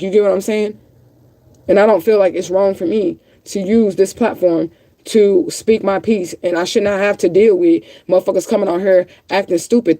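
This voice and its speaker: On her livestream, a woman nearly in tears delivers an emotional, expletive-filled rant, bluntly repeating herself to stress her points. She has a medium-pitched, mellow voice in a dry recording.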